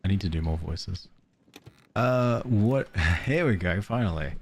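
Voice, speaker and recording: A man's voice: lowish voice, lively intonation, measured pace, slight background noise. A man streaming a cozy game, chatting casually and giggling while reading game letters aloud. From Australia. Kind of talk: casual let's-play chat.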